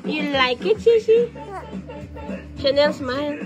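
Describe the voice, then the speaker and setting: High-voiced Filipino mom, playful. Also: female voice, expressive, slow, over music. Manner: playful, mixing English and Tagalog phrases. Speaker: mother and family vlogger. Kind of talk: casual family vlog commentary.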